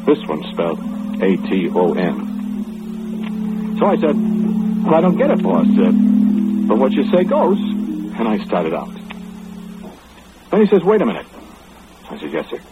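An actor playing the archangel Gabriel, a folksy, excitable male messenger telling his tale in 1940s radio style. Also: medium pitch, moderate pace, long pauses. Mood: excited storytelling. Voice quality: folksy rural drawl, excitable. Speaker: narrating monologue. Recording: tinny old radio broadcast with loud music.

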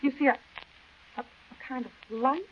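An actress playing a frightened young woman camping by a desert well, speaking in hushed, uneasy tones in an old radio drama. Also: high voice, steady tone, moderate pace, highs cut off, a little hiss or hum, close to an everyday voice. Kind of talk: 1940s radio acting.

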